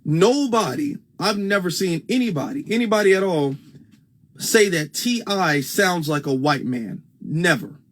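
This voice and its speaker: A man's voice: high-pitched, expressive, a little slow, a bit bright. A man with a Midwestern US accent hosting a casual livestream on a phone, emphatic and repeating his points for stress. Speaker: livestream host.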